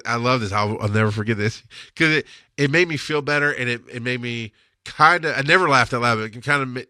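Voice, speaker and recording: Blunt, bright-voiced man telling stories. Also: lowish voice, no echo, studio quality. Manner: blunt, emotional, swears when angry. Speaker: EMS instructor telling field stories. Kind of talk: casual storytelling.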